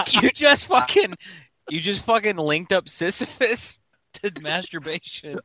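A man's voice: sits high, sing-song, measured pace, bright, forceful tone, no echo. A man telling casual stories on a podcast, rambling with fillers and restarts. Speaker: phone support worker.

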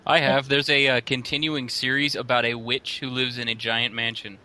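A man's voice: medium pitch, flat delivery, normal speed, sharp tone, poor audio. A man co-hosting a podcast in casual comedic chat, playful and jokey, often laughing. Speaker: podcast co-host.

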